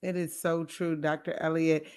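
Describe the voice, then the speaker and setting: A woman's voice: low-pitched, level tone, normal speed, a little mellow, clean tone. A woman hosting an interview, eager and agreeable, with hesitant fillers. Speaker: podcast host. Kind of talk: conversational interview.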